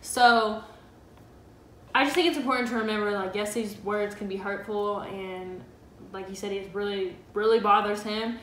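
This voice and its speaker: A woman co-hosting a casual advice chat with her partner, talking freely with lots of "like" and quick laughs. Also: mid-range voice, steady tone, roomy sound, a little hiss or hum. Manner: chatty, laughs easily, filler 'like'. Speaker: co-host of a couple's channel.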